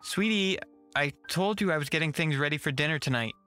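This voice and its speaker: A man voicing an anxious, obsessive young wife on the phone, pleading with rising pitch. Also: brisk, bright, forceful tone, clean tone, soft background music.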